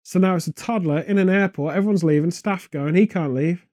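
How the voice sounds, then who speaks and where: A man co-hosting a comedic casual chat, rambling through absurd film pitches in an animated and easily exasperated way. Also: brisk, dry recording, studio quality. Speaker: podcast co-host.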